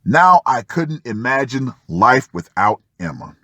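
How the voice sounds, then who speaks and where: A man's voice: mid-range voice, sing-song, unhurried, bright, forceful tone, dry recording. A man reading a first-person article aloud and breaking off for sardonic asides to the listener. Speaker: channel host reading an article.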